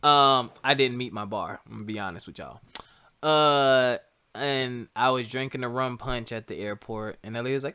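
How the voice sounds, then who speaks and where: Male podcast host, 30s, bright tone, casual self-mocking storyteller. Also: mid-range voice, normal speed, clean tone. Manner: laid-back, chatty, jokes at himself.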